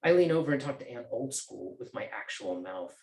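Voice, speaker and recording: A man's voice: mid-range voice, animated, brisk, vocal fry, darkish tone. A male author reading from his novel at a bookstore event, with casual joking asides. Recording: roomy bookstore echo.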